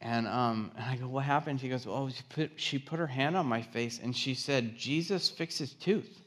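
A man's voice: medium pitch, moderate pace. A man preaching as a guest speaker in a church, telling a story and acting out the people's voices. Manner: animated storyteller acting out quotes. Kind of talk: sermon with storytelling. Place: church stage.

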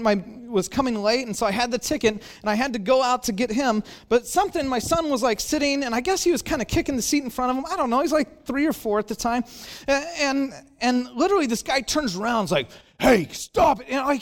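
High-voiced animated male preacher. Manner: animated, acts out dialogue, self-deprecating humor. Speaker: pastor. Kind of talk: storytelling sermon. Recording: long hall reverb.

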